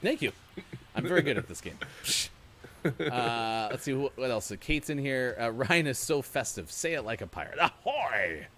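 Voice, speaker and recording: A man's voice: medium pitch, expressive, normal speed, a bit bright, slight background noise. A man hosting a morning gaming stream, chatting casually and rambling with many fillers while he plays. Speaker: show host.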